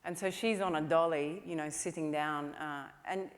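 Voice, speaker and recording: A woman's voice: low-pitched, fairly even intonation, normal speed. A woman film director giving a conference talk, telling stories in a chatty way with lots of "you know" fillers. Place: conference hall stage. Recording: long hall reverb.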